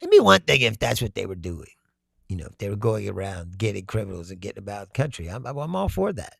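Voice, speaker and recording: A man's voice: fairly low pitch, quick pace, gravelly, husky, no echo, studio quality. A man hosting a live stream. He reads viewer comments aloud, talks with lots of energy, laughs often and swears. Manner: animated, laughs often, shouts, profane. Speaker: host.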